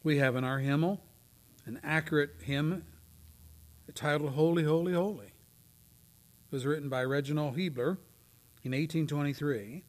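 A man preaching a sermon, swinging from loud, declaiming readings to near whispers. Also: a little high, fairly even intonation, a little slow, pauses often. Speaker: pastor. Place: church.

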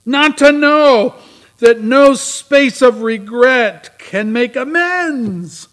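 A man doing an anguished chained ghost, high and loud. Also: full character voice. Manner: high, loud, slow and declaiming. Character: anguished old male ghost in chains, full of regret.

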